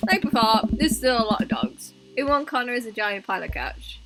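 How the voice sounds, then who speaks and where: A woman streaming a dating game, reading its dialogue aloud with animated reactions and frequent laughter. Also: a little high, a little fast, low-quality recording. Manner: animated, laughs often, gushes emotionally. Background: game music.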